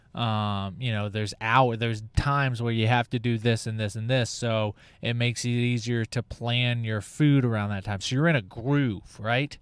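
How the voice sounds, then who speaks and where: A man's voice: mid-range voice, clean tone, no echo. A man hosting his own podcast in a casual, sarcastic, rambling comedic monologue, swearing now and then. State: out of breath. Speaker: podcast host.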